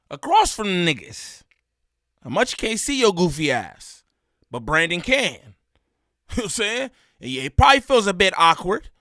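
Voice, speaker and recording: A man hosting a reaction video, talking in a casual, animated way with loud bursts, low mutters and frequent laughs. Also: no room sound, studio quality.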